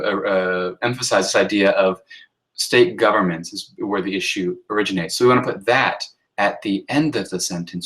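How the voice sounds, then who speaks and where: A man's voice: medium pitch, fairly bright tone, rough recording. A man, a writing instructor, talking through a recorded workshop lecture on sentence style in an explanatory way, often checking in with "right?" and using fillers.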